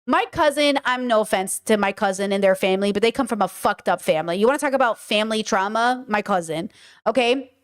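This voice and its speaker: A woman hosting a stream, telling a story in a blunt, profane and animated way. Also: medium pitch, fast talker, clear, resonant tone. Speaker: podcast and stream host. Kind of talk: casual storytelling to a livestream audience.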